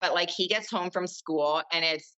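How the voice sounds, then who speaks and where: A woman's voice: on the low side, normal speed, pushed and bright, clear, resonant tone, highs cut off. A woman in her thirties, a podcast guest chatting casually and rambling with lots of fillers. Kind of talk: casual chat.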